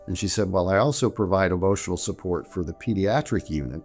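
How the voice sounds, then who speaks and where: A man's voice: sits low, fast talker, a little mellow, faint music behind. An older man telling a personal story in a chatty, jokey way, with many restarts and "so anyway" asides. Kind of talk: casual storytelling to camera.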